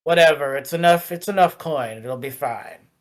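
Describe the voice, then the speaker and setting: A game master voicing a weary, grumbling middle-aged male fast food manager who mutters to himself. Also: medium pitch, natural voice.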